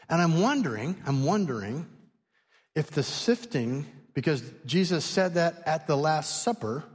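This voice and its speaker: A man preaching a sermon, retelling a story with lively, animated delivery and acted-out voices. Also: on the high side, in a large hall. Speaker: pastor.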